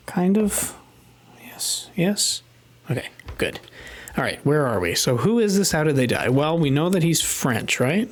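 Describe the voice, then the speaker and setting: A man live-streaming a puzzle game, thinking aloud and muttering to himself as he works things out at his desk microphone. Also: mid-range voice. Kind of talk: casual live-stream commentary while gaming.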